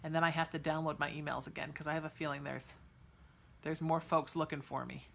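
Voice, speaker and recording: Woman psychic host, low-ish voice, chatty and soothing, lots of ums. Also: fairly even intonation, fairly quick, vocal fry, fairly bright tone. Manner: soothing, reassuring, calls listeners sweetheart; chatty, with many fillers and restarts. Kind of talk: live psychic readings for chat viewers.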